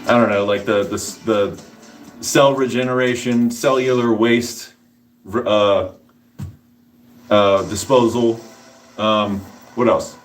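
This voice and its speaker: A man's voice: fairly low pitch, fairly even intonation, slow pace, pauses often, faint music behind. A man casually explaining nutrition to his livestream chat between workout sets, rambling and joking with viewers. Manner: rambling, answers chat, jokey asides. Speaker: fitness streamer.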